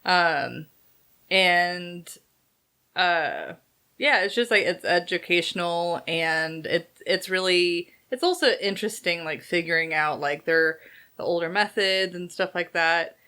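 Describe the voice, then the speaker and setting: Lady podcast host, bright sharp voice, lots of likes and uhs. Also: lowish voice, measured pace. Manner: hesitant, many "like" and "uh" fillers. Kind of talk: casual movie review chat.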